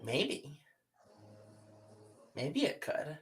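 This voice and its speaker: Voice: medium pitch, expressive, a bit bright, far from the mic, slight background noise, rough recording. Andrus, a player voicing a stammering salamander. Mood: wary. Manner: stammering, halting, hesitant speech. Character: nervous, guarded salamander man, formal and wary. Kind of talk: tabletop role-play character voice.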